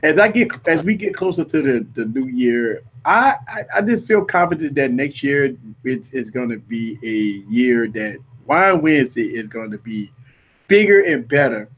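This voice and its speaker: A man, hosting a relaxed livestream chat and joking with his co-hosts, often repeating himself. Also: medium pitch, moderate pace, slight background noise. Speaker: host.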